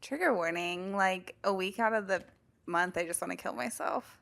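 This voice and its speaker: Young woman, podcast co-host, casual and candid, gravelly fry in her voice, laughs easily. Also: medium pitch, fairly bright tone. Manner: candid, laughs often, drawn-out "like" fillers. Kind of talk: casual chat.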